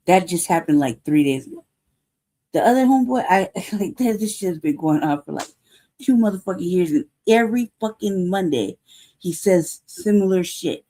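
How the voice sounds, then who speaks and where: A woman's voice: mid-range voice, dark tone. A woman with an American accent hosting a show, ranting in heated, profane commentary that circles back on itself. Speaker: show host.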